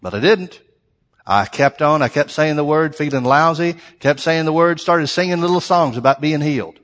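A man's voice: a little high, moderate pace, fairly bright tone, in a large hall. A middle-aged man preaching a sermon, emphatic and repetitive, building his phrases to strong peaks.

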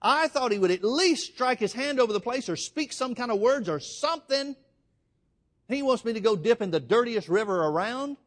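A man's voice: extremely high pitch, animated, moderate pace, voice pushed up. A man preaching voices a proud foreign general ranting in outrage. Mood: indignant.

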